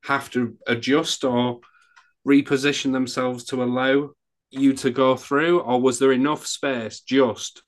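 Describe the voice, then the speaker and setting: A man co-hosting a relaxed podcast, full of curious questions and light teasing. His voice is mid-pitched and conversational. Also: a little slow. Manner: inquisitive, teasing banter. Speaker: podcast co-host. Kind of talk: casual podcast chat.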